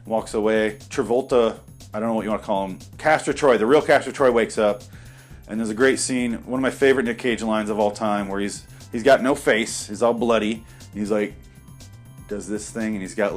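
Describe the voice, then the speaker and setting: A man's voice: fairly low pitch, steady tone, fairly quick, faint music behind. Sarcastic, swearing movie commentator man. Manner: sarcastic, profane, rambling.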